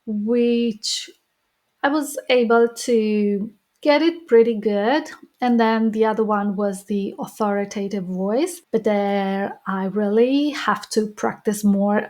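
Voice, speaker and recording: A woman coaching listeners through speaking techniques in a slow, measured delivery. Her voice sits a little high, and she encourages them as she explains each tip. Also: darkish tone. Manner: slow, deliberate, encouraging, demonstrates tones of voice. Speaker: podcast host and speaking coach. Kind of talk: solo podcast teaching tips.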